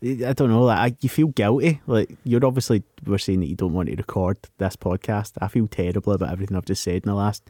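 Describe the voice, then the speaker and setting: A man's voice: on the low side, quick pace, hardly any pauses, warm tone, no echo, clean studio sound. A young man co-hosting a podcast, musing in a self-deprecating, casual way. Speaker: podcast co-host. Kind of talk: casual chat.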